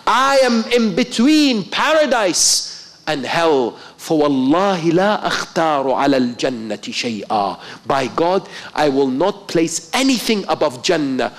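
Give me a preacher acting out a repentant warrior begging forgiveness, earnest and pleading. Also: male voice, on the high side, very animated, unhurried. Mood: torn. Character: repentant warrior man, torn and remorseful.

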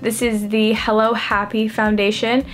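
A woman's voice: on the high side, little pitch movement, a little slow, slight background noise. A young adult woman chatting through a makeup routine, self-deprecating and filling her talk with "like". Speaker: beauty vlogger. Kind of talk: casual makeup tutorial chat.

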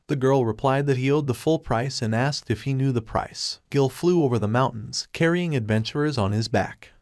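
A man's voice: medium pitch, no echo. Man narrating a story recap, dry sound. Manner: flat, even storytelling in third person. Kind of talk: scripted narration.

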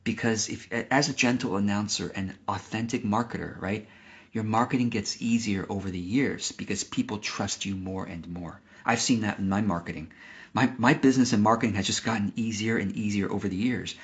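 A man with a slightly low voice gives business advice to camera in a relaxed, gentle way. He often restarts his sentences and talks like he's chatting with his viewers. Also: brisk. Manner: calm, gentle, with frequent restarts. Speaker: business coach. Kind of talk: casual talk to camera.

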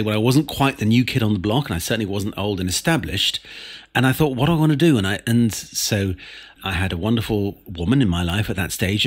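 A man's voice: lowish voice, breathy edge. A middle-aged man who grew up partly in France, chatting as a podcast guest and telling anecdotes in a self-deprecating way. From England, early childhood in France. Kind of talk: casual conversation, storytelling. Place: comedy club.

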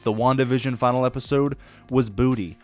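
Profane, excitable man reviewing a show. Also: mid-range voice, fairly quick, soft background music. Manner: blunt, profane, excitable, acts out quoted lines. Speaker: podcast host reviewing shows. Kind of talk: casual solo review monologue.

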